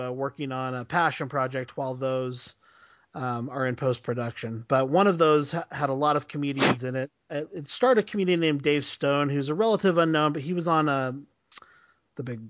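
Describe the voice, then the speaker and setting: A man, a filmmaker, chatting casually in a relaxed way and laughing often. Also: medium pitch, moderate pace, dry recording. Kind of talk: casual chat.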